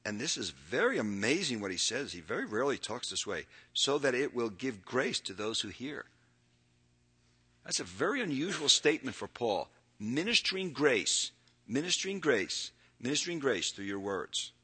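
A man, older, preaching a sermon, earnestly reading verses and moving between loud emphatic bursts and quiet, drawn-out phrases. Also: mid-range voice, big pitch swings, breathy edge.

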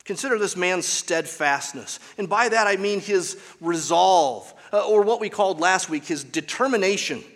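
A man's voice: sits high, expressive, moderate pace, hardly any pauses, fairly bright tone, big-room sound. A man preaching a sermon as pastor, with an emphatic, repetitive cadence, recorded in a church.

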